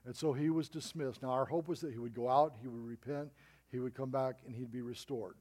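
Storytelling male preacher, mellow voice. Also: mid-range voice, steady tone, fairly quick. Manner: storytelling preacher with emphatic rises and drops. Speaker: pastor. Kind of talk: sermon.

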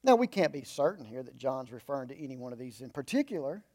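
A man preaching a conversational sermon. He explains in a folksy way with humorous asides, and he moves between emphatic raised lines and low, quiet remarks. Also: sing-song, quick pace.

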